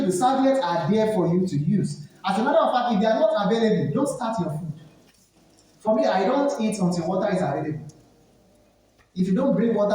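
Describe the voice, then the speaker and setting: The recording comes from an echoey hall, the speaker far from the mic, with a little hiss or hum. A medium-pitched, warm voice with a Nigerian accent belongs to an etiquette trainer giving students an emphatic, instructive seminar and repeating key points.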